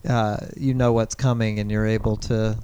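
A podcast host in casual chat who teases his guests with wry questions. His voice is smooth and clear, pitched in the middle. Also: little pitch movement, moderate pace, warm tone.

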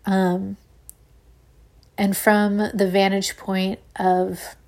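Woman, thirties, solo podcast host, gravelly fry, chatty, valley girl lilt. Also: mid-range voice, measured pace. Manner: chatty, animated, Valley Girl-ish phrasing with frequent "like" and laughs. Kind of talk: casual solo podcast talk.

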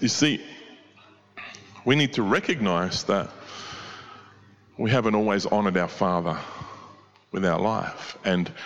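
A man's voice: lowish voice, fairly bright tone, long reverb tail, muffled recording. A man preaching a sermon and explaining a prayer line by line, with many rhetorical questions. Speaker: pastor.

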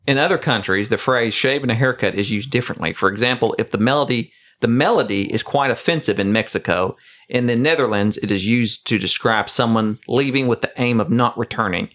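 A man's voice: mid-range voice, a little fast, a bit bright. A man co-hosting a casual podcast, teasing his partner and reading facts aloud. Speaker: podcast co-host. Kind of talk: casual chat.

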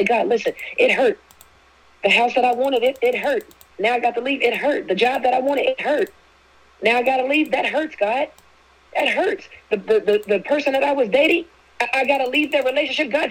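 A woman's voice: mid-range voice, low-quality recording. A woman giving a preaching-style faith talk, emphatic, repeating key phrases and speaking prayers aloud.

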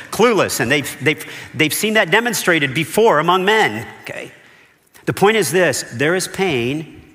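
A man's voice: a little high, fairly bright tone. A man, a pastor, delivering a conversational sermon, often checking in with "okay?" and "right?". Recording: long hall reverb.

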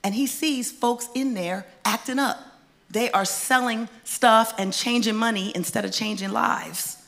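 Woman preacher swinging loud to whispered. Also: fairly high pitch. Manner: swings from loud emphatic bursts to hushed whispers; conversational, folksy asides to the congregation. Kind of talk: sermon. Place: church stage before a congregation.

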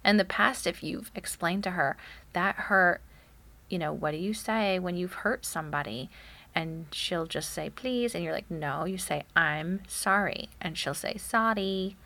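A woman's voice: fairly low pitch, normal speed, gravelly, sharp tone. A woman in her thirties in casual chat, telling stories about her toddler and acting out quotes. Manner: chatty, acts out quotes of her child. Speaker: podcast co-host, mother of a toddler.

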